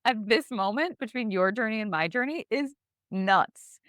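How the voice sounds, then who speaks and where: A woman co-hosting a casual podcast, telling a personal story in an animated way with lots of "like". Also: fairly high pitch, normal speed, dry recording, clean studio sound. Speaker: podcast co-host.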